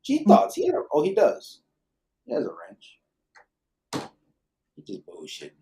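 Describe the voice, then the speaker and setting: A man's voice: fairly high pitch, huge pitch swings, measured pace, dark tone, slight background noise. A middle-aged man hosting a live late-night podcast, reading viewer comments in a laid-back, profane, joking way. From Arizona. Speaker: podcast host.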